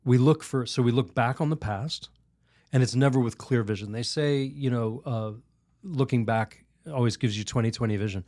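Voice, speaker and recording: A priest talks through a story and a lesson in an unhurried, chatty way. He often breaks into laughter, says "you know" a lot, and starts his sentences over. His voice sits in the middle of the male range and is recorded dry and close, with no room sound. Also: medium pitch, no room sound. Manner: animated, laughs while telling stories; rambling restarts, many "you know"s. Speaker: Catholic priest, podcast guest. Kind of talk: conversational storytelling and teaching.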